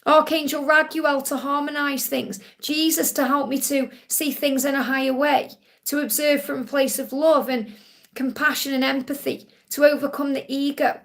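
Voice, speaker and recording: A woman with a high, light voice hosts a live-stream Q&A and gives spiritual readings to viewers. She is reassuring and comes back to the same points more than once. She calls each viewer honey. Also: fairly even intonation, normal speed. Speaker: spiritual reader hosting a live Q&A.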